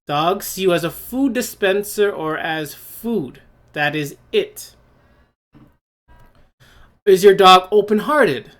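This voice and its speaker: A man's voice: high-pitched, expressive, takes it slowly, pauses often, a bit bright. A man hosting a solo opinion podcast, blunt and scornful, firing rhetorical questions and restarting his phrases as he goes. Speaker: podcast host. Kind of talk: opinion monologue.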